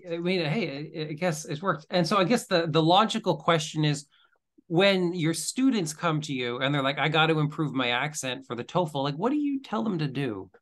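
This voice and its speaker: Brief: fairly high male host, easygoing, chatty interviewer. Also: moderate pace. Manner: relaxed, chatty, many fillers. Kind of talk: casual interview talk.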